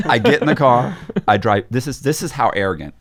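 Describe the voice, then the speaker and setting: A man's voice: medium pitch, expressive, brisk, a bit bright. A man, a podcast guest, telling a story in casual conversation, acting out quoted voices, with frequent restarts.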